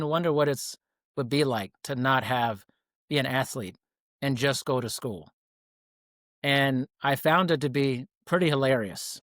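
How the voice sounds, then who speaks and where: A young personal trainer with a medium-pitched voice guests on a podcast in casual interview talk, recorded clean in the studio with no room sound. His storytelling is relaxed, full of loose restarts and chuckles.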